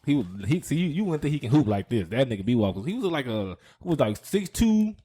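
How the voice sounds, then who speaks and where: A man co-hosting a podcast, telling stories in quick, joking banter. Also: mid-range voice, very animated, warm tone, slightly rough. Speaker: podcast co-host. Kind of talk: casual chat.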